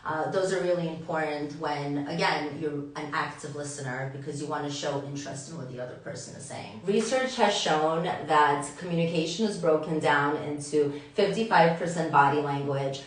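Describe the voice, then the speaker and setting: Woman podcast co-host, low voice, teacherly, distant mic, roomy echo. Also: a little hiss or hum. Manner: explanatory, measured, teacherly. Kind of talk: casual podcast chat about communication. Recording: echoey room, distant mic.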